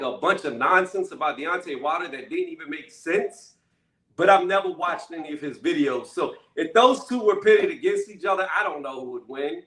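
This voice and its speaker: A man's voice: high voice, a bit bright. A man hosting his own channel, giving a blunt, emphatic casual rant and often tagging "okay?" or "right?" onto his points. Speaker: channel host. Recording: echoey room, mic at a distance.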